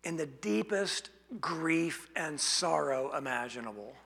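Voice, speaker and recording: Male preacher, slightly high, gravelly voice; slow deliberate sermon delivery in a reverberant hall. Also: animated, fairly bright tone. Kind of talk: expository sermon.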